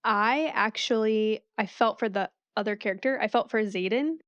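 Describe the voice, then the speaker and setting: A woman's voice: mid-range voice, moderate pace, clear, resonant tone, dry recording, dull audio. A woman co-hosting a podcast, chatting casually and thinking aloud in a reflective way. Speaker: podcast co-host. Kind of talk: casual book discussion.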